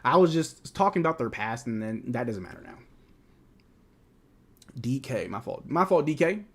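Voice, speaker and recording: A man hosting a live basketball watch-along, calling plays with excitement and chatting casually about the team. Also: mid-range voice, moderate pace. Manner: casual, excitable play-by-play mixed with candid fan opinions. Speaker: fan livestream host.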